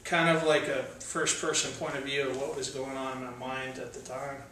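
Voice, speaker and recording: A man's voice: medium pitch, level tone, moderate pace. A young man at a cafe open mic who reads his poems with rising intensity and talks between them in a loose, hesitant way. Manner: intense declaiming readings, hesitant casual asides between poems. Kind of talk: spoken word poetry reading. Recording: very echoey room, mic from far off, faint noise.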